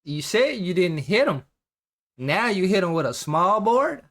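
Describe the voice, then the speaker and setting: A man's voice: high-pitched, sing-song, measured pace, a bit bright. A man hosting a reaction video, mocking and incredulous as he comments. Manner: sarcastic, incredulous, teasing. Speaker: reaction channel host.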